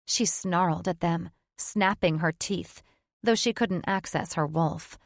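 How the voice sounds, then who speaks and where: A woman's voice: on the low side, takes it slowly, dry recording. Woman narrating a fantasy audiobook, dry. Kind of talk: scripted narration.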